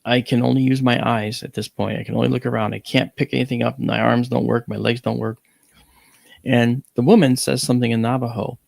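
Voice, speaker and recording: A man with a gravelly, fry-edged voice in the middle pitch range recounts a personal story as an interview guest. He talks in an animated way, jumping up in pitch on exclamations, and his wording is blunt with mild swearing. The recording is dry and close, with no room sound. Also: fairly quick, no echo.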